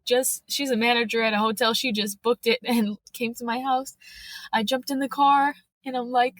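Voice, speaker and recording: Woman, higher voice, earnest widow retelling events in an interview, dry recording. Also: fairly even intonation, normal speed, a bit bright, no room sound. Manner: earnest, tells events by acting out quotes. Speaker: podcast guest, widow. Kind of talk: emotional personal interview.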